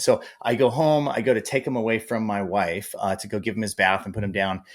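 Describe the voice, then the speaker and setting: A man in his thirties, a podcast guest telling his story with lively, acted-out asides. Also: lowish voice, brisk, hardly any pauses. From Boise, Idaho area. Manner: animated storyteller, acts out his own past thoughts. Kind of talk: podcast interview.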